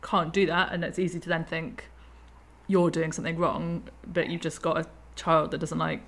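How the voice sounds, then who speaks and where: A woman's voice: sits low, flat delivery, moderate pace. A woman hosting a casual podcast conversation, chatty, laughing easily and backchanneling a lot. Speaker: host.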